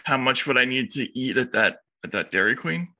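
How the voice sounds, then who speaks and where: A man from Boston co-hosting a casual chat, easygoing and agreeable, often halting mid-sentence. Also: medium pitch, expressive, pushed and bright. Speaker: co-host.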